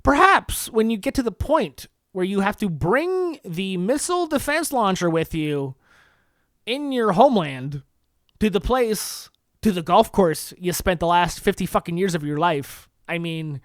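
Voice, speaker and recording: A young man doing a sarcastic solo comedy monologue, his pitch swinging widely as he plays mock-pleading and mock-concerned. It is a dry, close podcast recording with no room sound. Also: sing-song, a little slow, a bit bright, no room sound. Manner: sarcastic, mock-pleading, laughing at own jokes. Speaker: podcast host.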